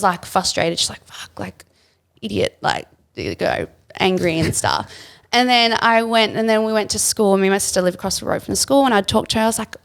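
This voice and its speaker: A young Australian woman hosting a podcast, telling a story in casual chat, animated and full of "like". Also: medium pitch, vocal fry. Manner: animated storyteller, fillers of "like", acts out quoted voices. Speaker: podcast host.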